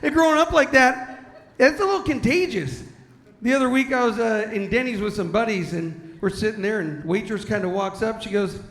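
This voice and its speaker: In an echoey live hall packed with an audience, a San Diego, California comedian does a stand-up set of self-deprecating stories about his family, dropping into character voices. He speaks at a moderate pace in a high, fairly bright voice.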